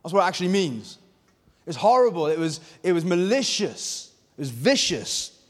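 A male preacher with a high voice delivers a fervent sermon in a church hall. He surges to near-shouted emphasis, then drops to hushed intensity, and the long reverb of a large room trails after every phrase. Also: sing-song, normal speed. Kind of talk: passionate sermon.

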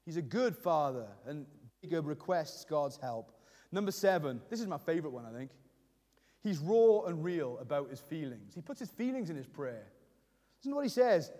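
A middle-aged man delivers a sermon in a strikingly high voice. He acts out heartfelt prayers with real feeling. His words ring out through a hall with a long echo. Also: sing-song, moderate pace. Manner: emotional, voicing prayers aloud with rising intensity. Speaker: pastor.

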